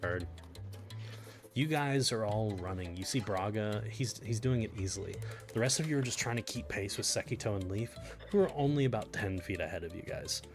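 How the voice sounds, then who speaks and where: A male game master narrates a tabletop session in a relaxed, easy manner. His voice is low, and loud music plays in the background. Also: brisk.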